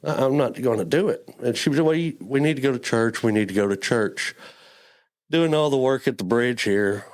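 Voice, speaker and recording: A man giving an earnest personal faith testimony as a church guest. He talks haltingly, often repeating his words, and sounds close to tears. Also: medium pitch. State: emotional, near tears.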